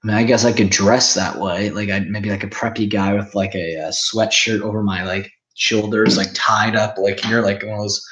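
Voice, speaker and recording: A man's voice: lowish voice, level tone, moderate pace, hardly any pauses, a bit bright, low-quality recording. A man in his twenties, rambling and swearing casually while reacting to chat on a livestream. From Canada. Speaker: streamer.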